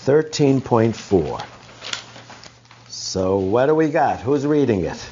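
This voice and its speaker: A man leads a study group, talking slowly and reflectively and pausing to find his words. The recording is dull and lo-fi. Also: medium pitch, sing-song, mellow, a little hiss or hum. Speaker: teacher leading a study group. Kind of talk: explanatory group teaching.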